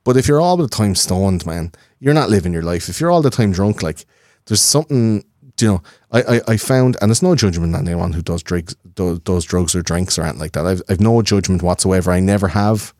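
A man in his thirties, a podcast guest, talking in a rambling, profane, animated way. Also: low voice, fairly quick, dry recording, studio quality. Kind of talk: casual conversation.

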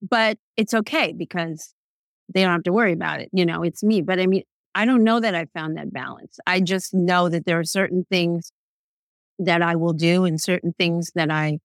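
A middle-aged woman speaking candidly in a casual interview, animated and quick to laugh, acting out the things she once said. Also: lowish voice, dry recording. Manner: candid, animated, laughs often, acts out quotes. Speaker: guest.

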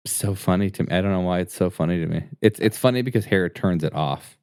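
A man co-hosting a podcast, chatting in a relaxed, halting way. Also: low voice, smooth, dry recording, clean studio sound. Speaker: podcast co-host. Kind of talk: casual chat.

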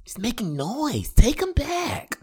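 A man's voice: very high voice, huge pitch swings, slow pace, breathy edge, voice pushed up, heavily acted. Man doing a wailing nail salon lady. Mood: pleading. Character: uncomfortable middle-aged nail salon woman.

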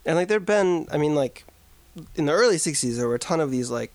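A man's voice: on the high side, expressive, a little fast, darkish tone, no room sound. A man co-hosting a podcast in casual, rambling chat. He is jokey and fills his talk with "like". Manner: rambling, filler-heavy, jokey. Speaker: podcast co-host.

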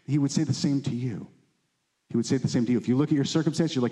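A man's voice: medium pitch, quick pace, dark tone. A man teaching a Bible study to a live group, reading scripture aloud and asking the room questions in a conversational way. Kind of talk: teaching sermon.

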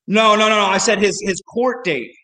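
A man, a comedy club owner, telling a rambling, animated story in casual chat. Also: high voice, a little fast, long reverb tail, low-quality recording.

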